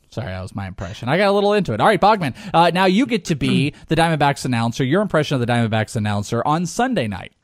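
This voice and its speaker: A man's voice: on the high side, very animated, quick pace. A man co-hosting a podcast in casual, joking chat, rambling and laughing. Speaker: podcast co-host.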